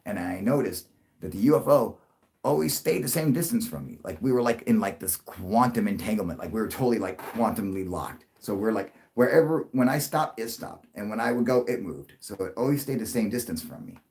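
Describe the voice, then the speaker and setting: A young man telling a long story to his livestream viewers, rambling and swearing, with many restarts and sudden loud bursts. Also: expressive, a little fast, creaky. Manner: rambling, profane, restarts a lot, jumps into loud high bursts for quoted voices. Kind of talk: casual storytelling to a live audience.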